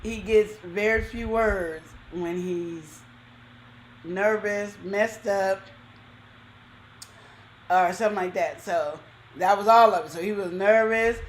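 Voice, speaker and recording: A woman's voice: mid-range voice, slow pace, pauses often, slight background noise. A woman co-hosting a casual chat show, telling stories animatedly and repeating her punchlines. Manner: animated storytelling with repeated phrases. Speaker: co-host.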